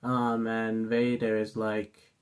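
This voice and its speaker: A man's voice: lowish voice, completely flat delivery, takes it slowly, clean tone. A man hosting a casual vlog monologue, gushing and filling his talk with ums and you-knows. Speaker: channel host.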